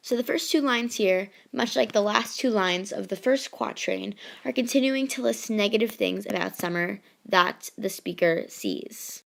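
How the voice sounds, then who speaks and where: A woman's voice: mid-range voice, vocal fry. A young woman teaching a lesson over a screen recording, explaining in an upbeat, chatty way with little asides.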